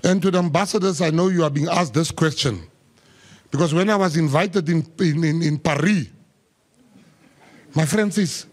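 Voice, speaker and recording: A man's voice: a little high, moderate pace, a crowd in the background. A South African man, a government minister, giving a humorous public speech full of joking anecdotes and emphatic quoted asides.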